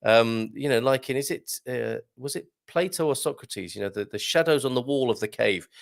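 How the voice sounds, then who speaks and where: A man's voice: mid-range voice, moderate pace, gravelly. A middle-aged man hosting a casual livestream chat and reading out viewer comments, chatty and given to laughing. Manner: chatty, animated, laughs often, reads comments aloud.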